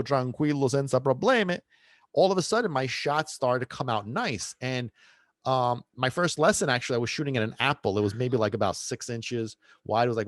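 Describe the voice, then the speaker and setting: A man's voice: medium pitch, no echo, clean studio sound. A middle-aged man hosting a podcast, telling a casual story in a rambling way with many restarts and asides. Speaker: podcast host and dog trainer.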